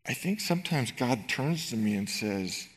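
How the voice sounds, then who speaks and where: A middle-aged man preaching a sermon in a church, animated and rhetorical, swinging between loud emphasis and quiet tenderness. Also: medium pitch, moderate pace. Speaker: pastor. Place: church sanctuary.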